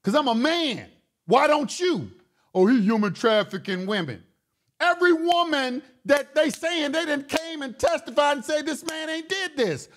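A man's voice: very high voice, lively intonation, normal speed, a bit bright. A male talk show host delivering a heated, profane monologue, repeating words and restarting his sentences as he gets worked up.

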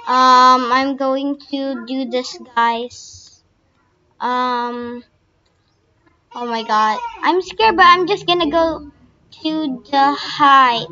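Young woman gaming, high voice, slow and drawn out, squeals a lot, kinda muffled lo-fi audio. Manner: excitable, squeals and gasps, many fillers. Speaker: gaming channel host. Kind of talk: casual game commentary. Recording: dull lo-fi recording.

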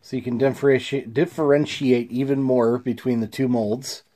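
A man chatting through a toy review in a mellow, darker tone. He sounds a little congested, clears his throat now and then, and keeps it easygoing with plenty of "uh"s and restarts. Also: mid-range voice, fairly even intonation, moderate pace, a little hiss or hum. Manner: easygoing, chuckling, many fillers and restarts.

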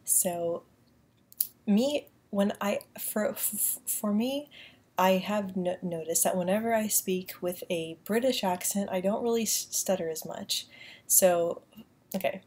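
A woman's voice: medium pitch, measured pace, a little mellow, slightly rough. Woman talking with a heavy stutter. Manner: strong stutter with many sound and word repetitions. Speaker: vlogger. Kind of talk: casual talk to camera.

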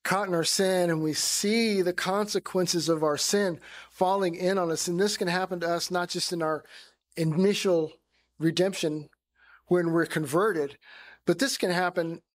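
A man's voice: sits high, fairly even intonation, unhurried. A man giving a conversational Bible study sermon, acting out the voices he quotes. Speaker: Bible teacher.

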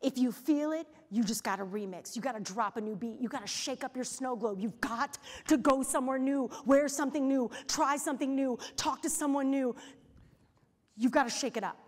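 A woman in her forties giving an energetic, story-driven motivational keynote on a hotel ballroom stage, acting out the quotes in her stories. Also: high voice, normal speed. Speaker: keynote speaker. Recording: reverberant hall.

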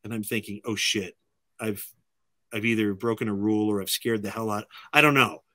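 Animated bright-voiced storyteller man. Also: fairly low pitch, fairly quick, no room sound. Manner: acts out other people's lines in lively voices. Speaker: filmmaker guest.

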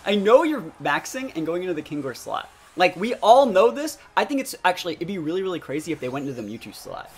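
An excitable young man streams a game, giving live commentary over the gameplay in a fairly high-pitched voice at a quick pace. He talks to chat and breaks into sudden loud outbursts. Faint music and slight background noise sit behind his voice.

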